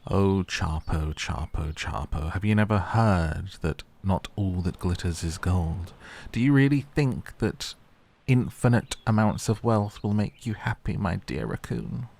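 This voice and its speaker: A man's voice: fairly low pitch, a little slow, gravelly, darkish tone. A man hosting a casual gaming video, chatty and playful as he talks to in-game characters. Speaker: gaming YouTuber.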